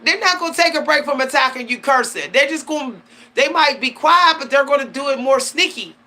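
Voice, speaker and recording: A channel host with a high, expressive voice talks briskly, her tone pushed and bright. Addressing the camera on spiritual topics, she's casual, emphatic and slangy, often breaking into laughter.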